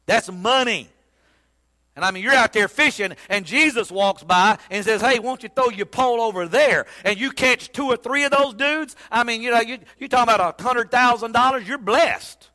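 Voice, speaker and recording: Casting: man preaching a sermon, bright forceful tone, lively folksy storytelling. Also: very high-pitched, normal speed. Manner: animated, folksy storytelling with sudden loud bursts. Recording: long hall reverb.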